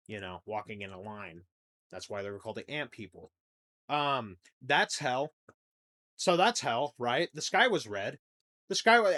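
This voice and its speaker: A young man hosting a comedy podcast, rambling through a crude monologue that swings between loud outbursts and low mumbling. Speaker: podcast host.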